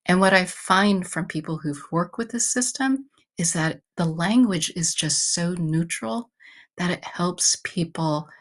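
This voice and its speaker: Low-voiced woman, measured and calm. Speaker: guest. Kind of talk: calm explanatory talk. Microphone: video call.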